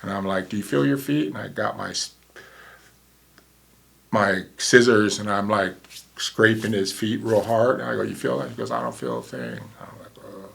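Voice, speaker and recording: Gravelly-voiced man in his 60s. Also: lowish voice, steady tone, moderate pace, fairly bright tone. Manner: vivid, reenacts dialogue. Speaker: former paramedic. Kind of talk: casual storytelling.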